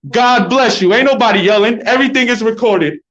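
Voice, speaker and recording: A vlogger films on the phone he's holding while confronting court staff, arguing insistently and repeating his points. His voice is very high, a little fast and a bit bright. The sound is lo-fi.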